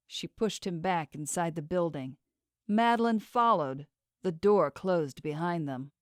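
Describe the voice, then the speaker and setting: A woman's voice: lowish voice, a little mellow, dry recording. Woman narrating an audiobook, dry sound. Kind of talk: scripted narration.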